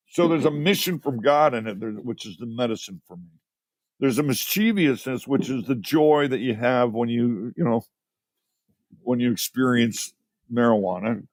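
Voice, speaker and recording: A man in his sixties from Chicago, a podcast guest telling rambling, animated stories. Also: medium pitch, moderate pace, dry recording, studio quality. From Chicago, USA. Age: 60s. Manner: animated, rambling, repeats words. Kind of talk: casual storytelling interview. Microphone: podcast mic.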